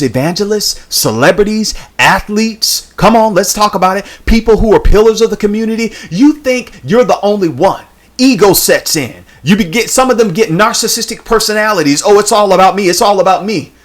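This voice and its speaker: A woman YouTube commentator talking straight to her viewers, with the emphatic cadence of a sermon and lots of repeated phrases. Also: mid-range voice. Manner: casual, colloquial address to viewers. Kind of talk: preachy social commentary.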